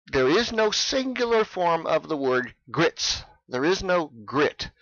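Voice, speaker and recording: A man teaching English in a scripted lesson, speaking clearly and with emphasis for learners. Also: fairly high pitch, a bit bright, dry recording, muffled recording.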